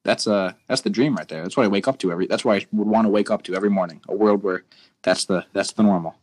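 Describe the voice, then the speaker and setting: A young man co-hosts a podcast, rambling through casual rants and often restarting his sentences. He talks fast in a lowish voice.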